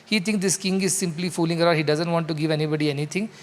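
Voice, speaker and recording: A man's voice: a little high, steady tone, racing. Indian-accented man preaching in a reverberant hall. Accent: Indian English. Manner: explanatory, loose and conversational, with many fillers. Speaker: spiritual speaker. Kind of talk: spiritual discourse with storytelling. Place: large hall.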